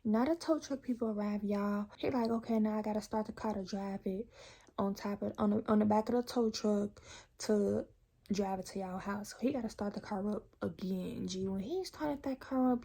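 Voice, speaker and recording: Gravelly young woman telling a story. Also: mid-range voice, fairly even intonation, unhurried, warm tone. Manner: chatty, profane, addresses viewers directly. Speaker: vlogger. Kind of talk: casual storytime vlog.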